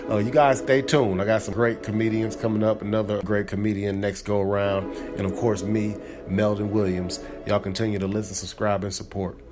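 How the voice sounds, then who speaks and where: A man hosting a podcast, talking in a relaxed, loose way with many fillers as he wraps up the episode. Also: fairly low pitch, fairly quick, hardly any pauses, over music. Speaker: podcast host. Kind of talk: casual podcast outro.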